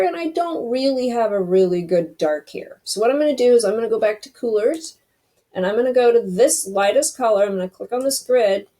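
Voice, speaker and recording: A woman's voice: on the high side, dark tone. A woman hosting a casual screen-recorded web design tutorial, chatty and thinking aloud as she clicks through each step.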